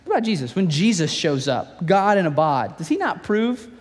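Male pastor, sermon style, lively playful storytelling, bright high register, long hall reverb. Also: normal speed. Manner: animated, playful storytelling with asides. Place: church.

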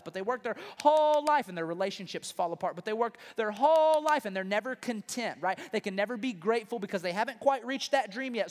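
A man preaching a sermon as pastor, emphatic and conversational, with frequent rhetorical questions, in a large church auditorium. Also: sits high. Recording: long reverb in a large hall.

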